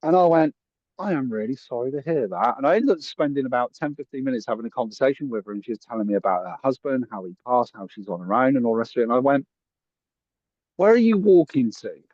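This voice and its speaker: A man's voice: mid-range voice, quick pace, darkish tone, no echo, lo-fi sound. A man, a podcast guest telling a story in a chatty, earnest way and acting out the voices of the people in it. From England. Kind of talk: casual storytelling.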